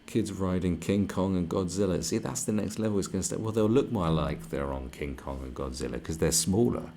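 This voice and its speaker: A young man with a very low, gravelly voice rants crudely on a livestream. He rambles and puts on mock outrage, sometimes dropping into mocking voices. A faint ambient noise hums behind him. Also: fairly quick, dark tone. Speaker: livestream host. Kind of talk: profane comedic rant on a livestream.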